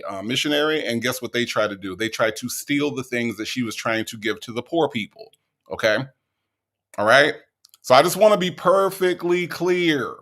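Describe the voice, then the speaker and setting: A man's voice: medium pitch, a bit bright. Emphatic man hosting reaction commentary. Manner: emphatic, keeps adding "okay? all right?". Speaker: commentary host.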